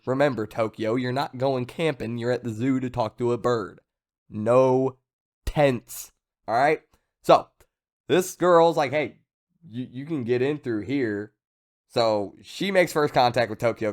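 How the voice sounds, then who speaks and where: A young man casually recapping a manga chapter, rambling with joking asides and lots of fillers. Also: mid-range voice. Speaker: manga reviewer.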